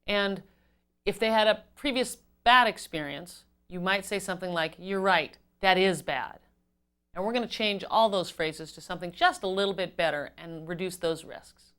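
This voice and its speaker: Measured woman teaching customer service. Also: mid-range voice, fairly bright tone, clear, resonant tone. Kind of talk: instructional talk to camera.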